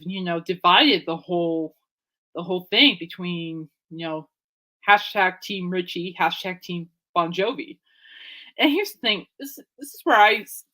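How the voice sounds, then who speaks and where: A woman hosting her own podcast, chatting in a loose, rambling way, trailing off, circling back and laughing at herself. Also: on the low side. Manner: rambling, animated, laughs often, jumps between thoughts. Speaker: podcast host. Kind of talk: casual rambling chat.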